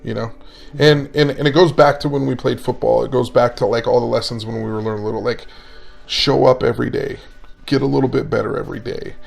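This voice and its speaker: A man's voice: mid-range voice, brisk, creaky, soft background music. A man in his forties, a mental performance coach, telling stories in a casual interview and acting out the dialogue. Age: 40s. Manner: animated storyteller, acting out dialogue.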